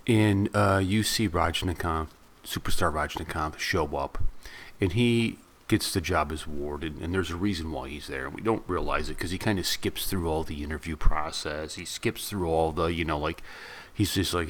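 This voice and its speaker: A man's voice: rumbling low, moderate pace, fairly bright tone. A man reviewing a film in a casual, rambling retelling full of asides. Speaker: movie reviewer.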